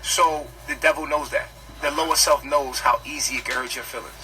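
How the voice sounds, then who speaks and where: A man's voice: mid-range voice, fairly even intonation, brisk, bright, forceful tone. A man lecturing emphatically and profanely in a casual, heated chat. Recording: noisy played-back stream audio.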